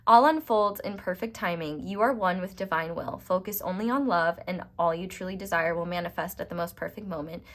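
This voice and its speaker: A woman voicing a gentle, loving female guardian angel who speaks in soft, reassuring tones. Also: lowish voice, fairly quick, hardly any pauses, lightly acted.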